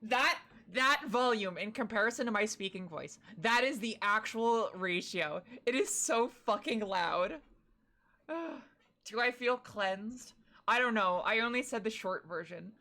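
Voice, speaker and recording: Woman streamer, laughing and lively pitch. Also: measured pace. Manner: laughing often, swearing, exclaiming. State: breathless from laughing. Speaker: live streamer. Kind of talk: casual stream chat.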